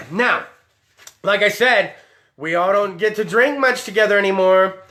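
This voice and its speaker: A man's voice: sits high, a little slow, sharp tone. A man hosting a live-streamed show, talking in a loose, tipsy, heavily profane way. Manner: rowdy, tipsy, swears a lot. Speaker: podcast host.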